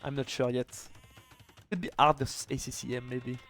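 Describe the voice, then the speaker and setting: A man casting a live strategy game match, chatty and excitable, with quick restarts. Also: mid-range voice, faint music behind. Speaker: esports caster and streamer. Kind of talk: live video game commentary.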